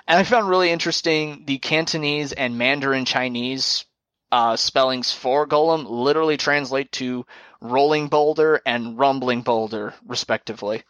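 Male co-host, measured fact-reader, dry recording. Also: mid-range voice, a bit bright, dry recording, dull audio. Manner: informative, reads facts in a measured way. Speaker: podcast co-host. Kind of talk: casual podcast chat.

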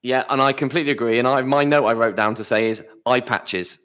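A man with a mid-range voice co-hosting a podcast in casual chat. He rambles through his points, and his phrases often trail off quietly at the end. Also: medium pitch, fairly even intonation, fast, clear, resonant tone. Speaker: podcast co-host.

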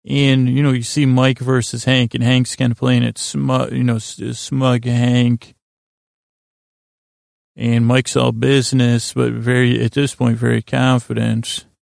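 A man hosting a sleep podcast, recapping a story in a rambling, halting way with many fillers. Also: mid-range voice, flat delivery, creaky, darkish tone, no room sound, studio quality. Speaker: podcast host.

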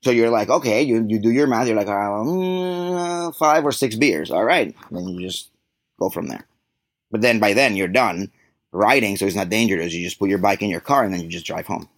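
A man's voice: on the low side, brisk, no room sound. A middle-aged man hosting a podcast in casual, rambling chat, joking as he goes. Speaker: podcast host.

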